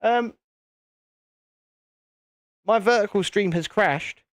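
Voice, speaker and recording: A man's voice: high-pitched, slow, no echo, studio quality. A British man hosting a casual live stream, chatting to viewers in a self-deprecating way.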